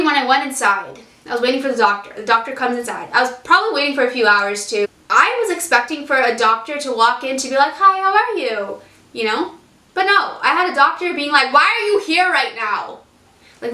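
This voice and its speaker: A young woman with a high, bright voice tells her story straight to the camera, frank and chatty, swearing casually and laughing along. She sounds roomy and set back from the mic. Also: lively intonation, fast talker, far from the mic. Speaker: vlogger. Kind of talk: candid storytelling vlog.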